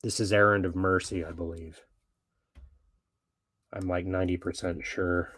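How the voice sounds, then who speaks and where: A man's voice: sits low, level tone, moderate pace, fairly bright tone, no room sound. A man talking in a blunt, swaggering, foul-mouthed monologue as a podcast host. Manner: blunt, swaggering, heavy swearing. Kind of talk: profane opinionated monologue.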